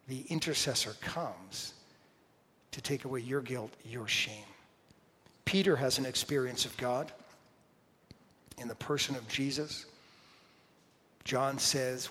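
A male pastor preaching a sermon with dynamic swings from loud declarations to hushed whispers. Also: mid-range voice, fairly even intonation, unhurried, long pauses. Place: church sanctuary. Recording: long reverb of a large hall.

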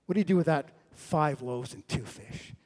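A middle-aged man preaching a sermon, telling the story with lively swings between loud and hushed delivery. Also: a little high, normal speed.

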